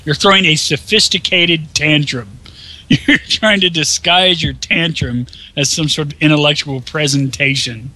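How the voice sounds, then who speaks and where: A man's voice: a little high, a little slow, sharp tone. A man co-hosting a gameplay video, chatting casually, mocking and swearing often. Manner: crude, mocking, laughs often. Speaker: let's play co-host. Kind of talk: casual profane banter.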